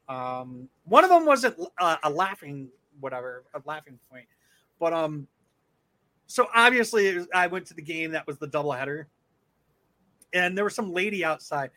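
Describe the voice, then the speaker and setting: A man's voice: on the high side, lively intonation, normal speed, pushed and bright. A young man hosting a podcast, telling rambling stories in casual chat with lots of swearing and filler words. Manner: profane rambling storytelling. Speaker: podcast host.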